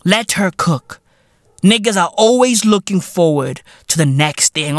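A man's voice: a little slow, no echo, studio quality. Fiery South African man ranting. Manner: animated, swings from low mutters to shouting; heavy swearing, slang like "bruv", mixes in Sesotho phrases. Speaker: podcast host. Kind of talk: solo profane rant.

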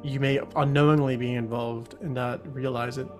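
Male podcast host, playful and halting, mid-pitched, plays an investigator character. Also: level tone, over music. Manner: playful, hesitant restarts. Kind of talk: in-character tabletop play.

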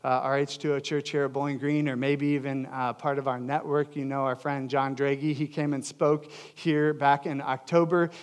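A young adult man preaching a sermon as pastor, earnest and emphatic, swinging between loud and hushed delivery. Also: mid-range voice, flat delivery, moderate pace, hardly any pauses, clean tone.

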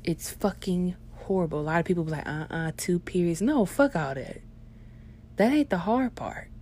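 A young woman with a slightly low voice runs a comedic rant straight at her audience. She swears freely and talks bluntly, sinking into hushed asides before bursting out loud. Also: sing-song, normal speed, a little hiss or hum. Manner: profane, blunt, swings between hushed asides and loud outbursts. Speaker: vlogger.

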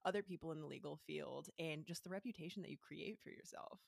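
A woman co-hosting a podcast, making a thoughtful, measured point. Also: sits low, creaky, no echo, clean studio sound. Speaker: podcast co-host. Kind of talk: casual podcast conversation.

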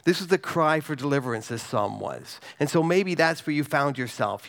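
A man preaching a sermon, reading scripture slowly and softly, then talking conversationally and asking the congregation questions. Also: fairly high pitch, lively intonation, creaky.

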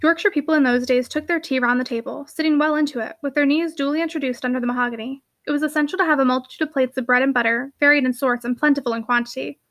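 Brisk, high-voiced woman reading a novel. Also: steady tone, a bit bright. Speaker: audiobook reader.

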